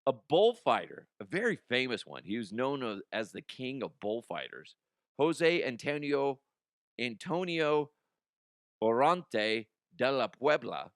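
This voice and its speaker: A man's voice: mid-range voice, sing-song, unhurried, no echo, clean studio sound. A young adult man hosting a comedy news podcast, ranting casually with swearing, laughter and mocking put-on voices.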